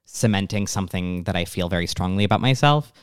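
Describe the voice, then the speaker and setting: A young adult podcast guest chatting casually, halting often and filling gaps with "like". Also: low-pitched, smooth, dry recording, clean studio sound. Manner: halting, full of "like" fillers. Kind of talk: casual chat.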